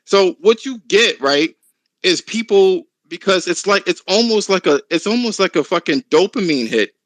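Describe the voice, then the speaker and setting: Man, podcast host, rants, swears a lot, fairly high voice, dry close mic. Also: moderate pace, dry recording, rough recording. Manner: animated, profane, ranting. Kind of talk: casual podcast chat.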